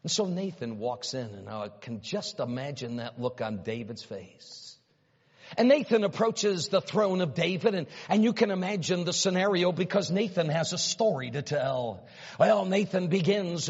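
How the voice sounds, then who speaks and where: High-voiced preacher in an echoing hall. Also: male voice, animated, normal speed, breathy edge. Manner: dramatic storytelling, swinging from hushed low lines to loud high exclamations. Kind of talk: sermon. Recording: dull sound with long reverb in a hall.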